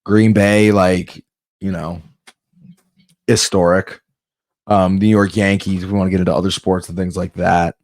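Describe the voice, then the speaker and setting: A man's voice: deep voice, flat delivery, unhurried, pauses often, darkish tone, no room sound. A man doing a rambling comedic monologue, often breaking off and restarting mid-sentence. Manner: rambling, self-interrupting, off-the-cuff.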